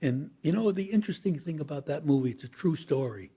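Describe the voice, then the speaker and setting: An older man with a husky, mellow voice tells long, winding anecdotes as an interview guest. He slips into the voices of the people he quotes as he goes. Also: a little high, lively intonation, fast. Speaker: actor guest. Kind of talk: storytelling interview.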